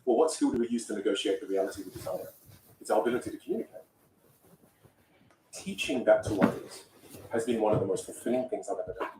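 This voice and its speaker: A young man, a communication coach, telling stories in an animated way during a podcast interview. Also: lowish voice, quick pace, long pauses, echoey room, distant mic, heavy background noise. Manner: animated, dramatic storyteller who acts out voices.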